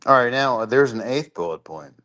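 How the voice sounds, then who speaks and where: A man's voice: mid-range voice, animated, a little fast, bright, forceful tone. A man calling in as a guest on a casual sports talk show, bantering playfully. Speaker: call-in guest.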